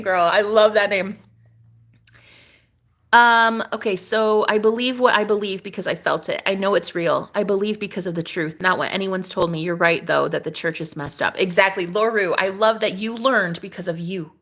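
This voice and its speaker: A spiritual streamer chats casually on a live stream, sassy and laughing often as she responds to her viewers. Her mid-range voice is expressive and a little bright, moving at a normal speed.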